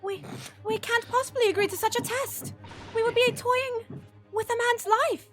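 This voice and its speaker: A woman's voice: very high-pitched, normal speed, fairly bright tone, faint music behind. A woman voicing a young, flustered male Japanese defense lawyer in a game fan dub, stammering and earnest. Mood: shocked.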